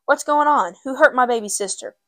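A woman's voice: a little high, moderate pace, fairly bright tone, dry recording, voice pushed up, lightly acted. A woman reading as a hot-tempered teenage boy. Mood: alarmed.

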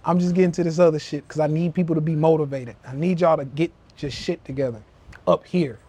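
A man's voice: fairly high pitch, steady tone, fast, mellow, slightly rough. A young man hosting a live-stream motivational rant, profane and preachy, calling his listeners family. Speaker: podcast host. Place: live social media stream.

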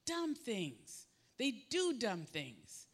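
A man's voice: high-pitched, wildly swooping pitch, very slow, fairly bright tone. A man preaching a sermon, emphatic and repetitive, swinging his voice up and down as he acts out what people say.

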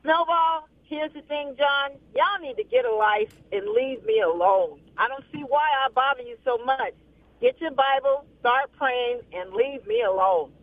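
Chatty woman, high voice over the phone. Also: measured pace, dry recording. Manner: chatty and indignant. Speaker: caller. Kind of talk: call-in radio chat. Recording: tinny phone line.

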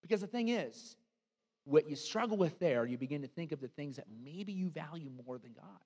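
Male pastor, fairly high voice, lively conversational sermon, long hall reverb. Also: fairly quick. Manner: animated, storytelling preacher with frequent asides.

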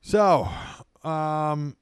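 A man's voice: very slow, clean tone, no echo, studio quality. A man hosting a casual podcast, joking and crude in easy chat. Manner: crude, joking, lively pitch. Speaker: podcast host.

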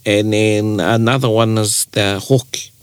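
Man, New Zealand Māori accent, casual talk, lively storyteller, dry recording. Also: fairly low pitch, a little slow, clean tone, no room sound. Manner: animated storyteller who acts out quoted speech. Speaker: te reo Māori speaker in discussion. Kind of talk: casual chat.

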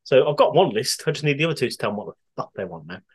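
Lively, laid-back male podcast co-host. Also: medium pitch, racing, husky. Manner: laid-back, sweary, laughs often. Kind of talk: casual chat.

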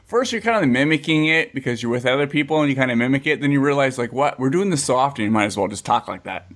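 A man's voice: medium pitch, lively intonation, fast talker, a bit bright. Rambling, joking man in casual chat. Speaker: podcast guest.

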